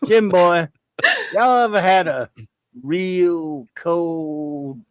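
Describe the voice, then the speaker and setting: A man's voice: on the high side, extremely slow, dry recording. A man voicing a jovial drawling Cajun Southerner with a put-on Cajun accent.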